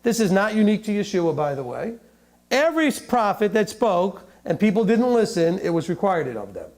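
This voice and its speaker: A man giving a sermon, reading scripture slowly and breaking into jokes and mock voices. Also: high-pitched. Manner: animated, joking, reads scripture aloud slowly. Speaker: teacher.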